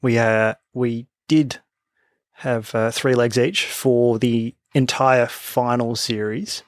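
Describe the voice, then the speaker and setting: A man's voice: medium pitch, fairly even intonation, slow, dry recording. Australian male co-host, jokey and question-led, dry close sound. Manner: jokey, leads with questions, many fillers. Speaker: podcast co-host. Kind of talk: casual chat.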